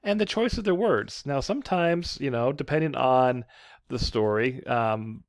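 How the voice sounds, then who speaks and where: A man's voice: mid-range voice, lively intonation, measured pace, no echo, studio quality. A man who teaches writing, giving a casual, rambling lecture full of fillers and restarts. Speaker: writing professor. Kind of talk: lecture with slides.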